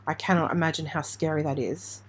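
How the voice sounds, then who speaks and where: A woman from Australia hosting a true crime channel, giving halting, emotional live commentary on breaking news while trying not to cry. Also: deep voice, fairly even intonation, slightly rough. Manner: halting, emotional, hesitant with restarts. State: near tears.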